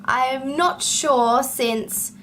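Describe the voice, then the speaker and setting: An Australian woman talks casually to camera, her voice sitting slightly high. She speaks slowly, with plenty of ums and upward lifts at the ends of her sentences. A faint hum of background noise sits behind her. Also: a bit bright. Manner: chatty with frequent ums and rising ends of sentences. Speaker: vlogger.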